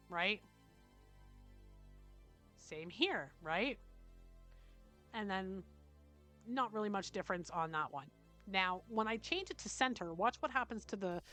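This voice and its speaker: A woman with a Canadian accent hosting a screen-recorded software tutorial, chatty and checking in often with "okay?". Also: medium pitch. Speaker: tutorial host.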